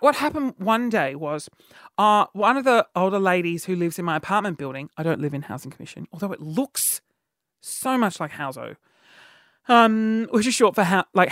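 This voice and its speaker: A man hosting a show from a studio, telling comedic stories in a rambling, animated way with lots of fillers. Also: high-pitched, no echo. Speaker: podcast host. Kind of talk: comedic monologue.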